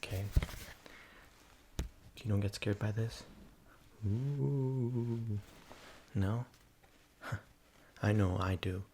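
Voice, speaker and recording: A man in a whispered role-play, rambling softly with lots of fillers and coaxing the listener to repeat silly names after him. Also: fairly low pitch, flat delivery, slow, long pauses, slight background noise. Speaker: ASMR creator.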